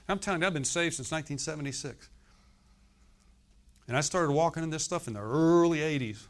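With a fairly high voice, a slightly fast pace, and long pauses, a man in his sixties preaches as pastor. He speaks emphatically, often prompting the congregation to answer him.

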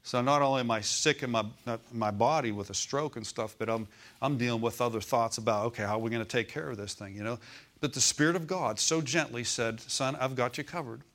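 Male pastor, mid-pitch voice, chatty preaching style with frequent asides to the congregation. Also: brisk, a bit bright. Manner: conversational preaching, asks the congregation for agreement. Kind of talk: sermon. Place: church.

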